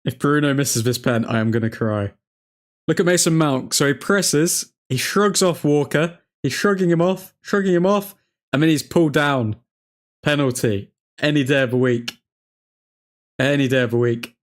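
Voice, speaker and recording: A man hosting a live football watchalong, reacting to each chance with loud excitement and grumbling at the referee. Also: mid-range voice, moderate pace. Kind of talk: live match commentary.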